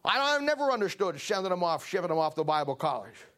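A high-pitched man preaching with folksy emphasis. He talks as a pastor to his congregation, pushing his points in rising bursts. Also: very animated, fast talker, fairly bright tone. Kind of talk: sermon.

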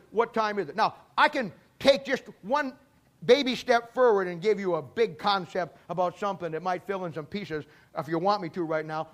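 A man's voice: high-pitched, a bit bright. A man preaching a sermon in a folksy storytelling way, acting out little dialogues. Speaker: pastor.

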